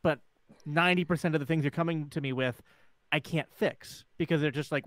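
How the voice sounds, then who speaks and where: A man's voice: fairly high pitch, brisk, a bit bright, dry recording. A man co-hosting a casual panel chat, speaking earnestly and reflectively with frequent restarts. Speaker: podcast co-host.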